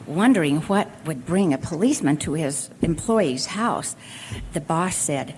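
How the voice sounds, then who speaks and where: A woman's voice: low voice, expressive, unhurried, a little mellow, a little hiss or hum. An older woman giving a speech at a convention, telling homely family anecdotes in a folksy storytelling manner. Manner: folksy storytelling with occasional laughs. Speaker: convention speaker. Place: convention hall at a college.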